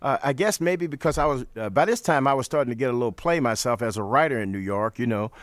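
An older man from St. Louis, telling stories as an interview guest in a relaxed manner, repeating phrases. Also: medium pitch, fast talker, no echo. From St. Louis, USA. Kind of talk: storytelling in an interview.

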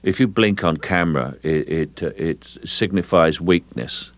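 An older man from England, an actor being interviewed on radio, who speaks in a slow, measured way and repeats words while he thinks. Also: deep voice.

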